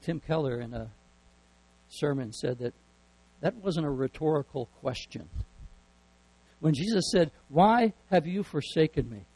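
A man's voice: on the high side, a little mellow, no room sound, low-quality recording. A man preaching a sermon earnestly, often repeating words as he builds emphasis. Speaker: pastor.

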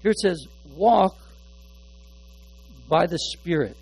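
A man preaching a sermon as pastor, often repeating words while he searches for a phrase, swinging between hushed asides and loud, stressed points. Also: high voice, slow, vocal fry, husky, poor audio.

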